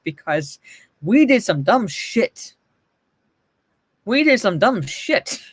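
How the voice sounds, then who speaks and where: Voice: mid-range voice, no echo. A livestream host giving blunt, profane, mocking commentary and answering chat messages.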